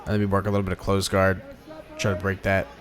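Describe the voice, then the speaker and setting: A man's voice: deep voice, monotone, fast talker. A young man giving casual, slangy voice-over commentary on his own footage as a vlogger. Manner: laid-back slangy, dude-and-bro talk.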